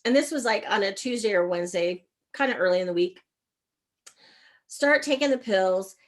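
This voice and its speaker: A middle-aged woman, a leadership coach, telling a candid personal story in an interview, acting out quoted exchanges. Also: normal speed. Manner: animated, acts out quoted exchanges with shifts in pitch and loudness.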